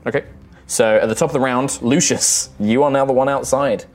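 A man's voice: mid-range voice, steady tone, brisk, a little mellow. A man narrating as game master of a tabletop game, in a loose, conversational way.

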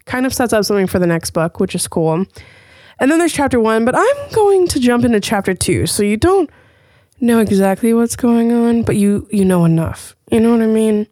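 A woman hosting her own podcast, talking casually and telling stories with lively, profane chatter. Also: fairly high pitch, moderate pace, dry recording, studio quality. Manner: chatty, swears freely, animated storytelling. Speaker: podcast host. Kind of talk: casual chat.

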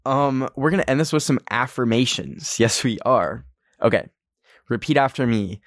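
A man's voice: medium pitch, expressive, a little slow, no echo, clean studio sound. A young man hosting a casual solo podcast, anxious and rambling, full of filler words. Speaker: podcast host.

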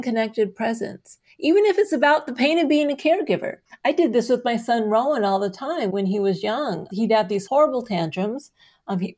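A woman's voice: a little high, darkish tone. A middle-aged woman answering interview questions in an earnest, explanatory way, sometimes laughing. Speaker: guest, self-compassion researcher. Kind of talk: conversational interview.

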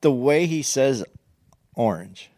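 A man in a podcast chat, speaking in a measured way as he calmly pushes back on his co-host. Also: medium pitch, dry recording, studio quality. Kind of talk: casual chat.

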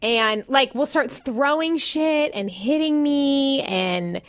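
A woman in her thirties co-hosting a podcast, chatting bluntly and casually with some swearing, recorded on a close studio mic. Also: sits high. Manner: blunt, profane, quick to laugh along. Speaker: podcast co-host. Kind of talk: casual chat.

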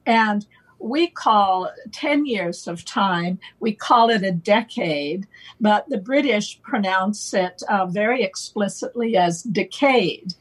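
A woman guest explaining playful wordplay in a relaxed conversational way, slow and deliberate, laughing now and then. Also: medium pitch, rough recording. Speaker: guest on a talk show.

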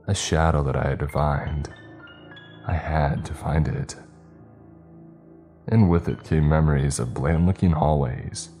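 Brief: man, extremely low, dark voice, steady story narration, faint music behind. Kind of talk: first-person story narration.

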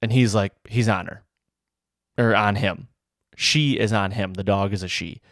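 Low-voiced man telling a hunting story. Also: measured pace, dry recording, studio quality. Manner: rambling, excited, full of "like" and "you know". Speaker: bowhunter. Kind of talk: casual storytelling to camera.

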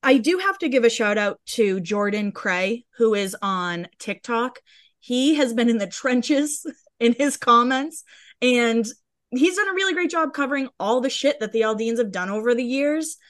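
A woman's voice: fairly high pitch, lively intonation, moderate pace, fairly bright tone. A woman co-hosting a podcast in casual chat, talking bluntly and heatedly and swearing freely. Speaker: podcast co-host.

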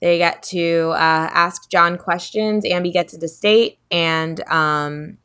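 A chatty woman co-hosting a podcast, her voice bright and ringing but sitting fairly low. She talks casually, laughs a lot and gets animated when she tells a story. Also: takes it slowly, clear, resonant tone. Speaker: podcast co-host. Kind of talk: casual chat.

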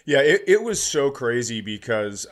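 A comedian co-hosting a podcast, telling a story in casual chat with many restarts and sudden bursts of excitement. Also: male voice, medium pitch, a little slow.

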